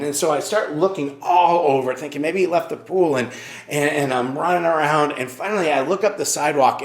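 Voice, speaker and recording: A man's voice: a little high, roomy sound. A male pastor, likely middle-aged, preaching a sermon and telling an earnest personal story, repeating key phrases.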